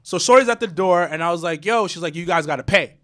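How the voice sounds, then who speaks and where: A man in his thirties telling a story in casual podcast chat, animated and profane, with stammering restarts. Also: high voice, fast. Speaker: podcast co-host.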